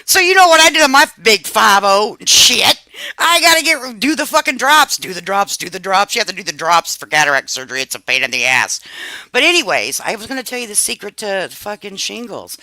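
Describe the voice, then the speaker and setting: A woman in her fifties hosting a live stream, chatting casually with her viewers in an animated, confiding way and swearing freely. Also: mid-range voice, a little fast, no echo. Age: 50s.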